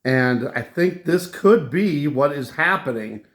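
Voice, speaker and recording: A man hosting his own channel, recounting a dream in a slow, halting casual monologue with many restarts. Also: fairly high pitch, lively intonation, fairly bright tone. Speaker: channel host.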